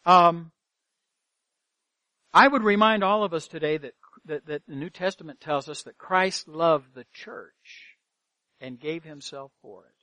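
A man's voice: fairly high pitch, measured pace, bright, forceful tone, dry recording. A man preaching a sermon as pastor, earnest, asking rhetorical questions and repeating phrases for emphasis. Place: church sanctuary.

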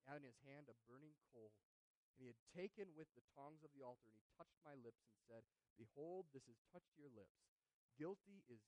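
A man preaching a sermon, swinging between hushed, soft passages and loud, emphatic calls. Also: on the high side, no room sound, low-quality recording. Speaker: pastor.

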